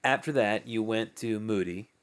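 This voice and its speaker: A man's voice: lowish voice, normal speed, smooth. A man hosting a podcast interview, reacting briefly and asking short follow-up questions. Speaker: podcast host.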